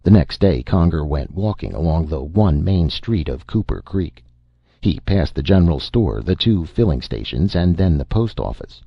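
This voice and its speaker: Deep, gravelly male storyteller. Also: lively intonation, moderate pace, no echo, lo-fi sound. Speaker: narrator. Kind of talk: audio drama reading.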